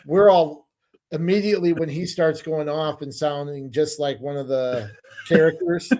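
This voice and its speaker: A man's voice: fairly high pitch, fairly even intonation, normal speed, dark tone. A middle-aged man co-hosting a podcast, telling stories in a rambling, hesitant casual chat. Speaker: podcast co-host.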